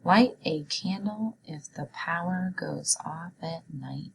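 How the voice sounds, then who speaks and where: A woman teaching a children's phonics lesson, her voice sitting low for a woman. She moves slowly and clearly, pausing so kids can repeat and write. A faint room ambience hums underneath. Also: slight background noise, rough recording. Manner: slow, clear, encouraging teacher talk.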